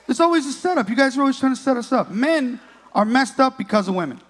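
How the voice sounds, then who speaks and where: A man's voice: very high voice, quick pace. A man in his late thirties doing a crude, profane stand-up comedy set on a comedy club stage, working the crowd. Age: 30s.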